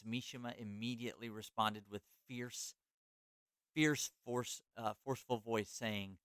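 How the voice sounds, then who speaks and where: A man's voice: mid-range voice, fairly even intonation, unhurried, fairly bright tone, smooth, no echo. A man hosting a podcast, telling a history story in a casual way with many fillers and restarts. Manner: loose, filler-heavy, self-correcting. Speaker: podcast host.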